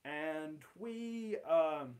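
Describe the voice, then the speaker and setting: A young man rambles through an awkward personal story in a casual, unscripted way. His voice sits a little higher than most men's. He swears freely and fills his talk with "like" and "um". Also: lively intonation, extremely slow, darkish tone. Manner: rambling, swearing, with laughs and many fillers. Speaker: channel host.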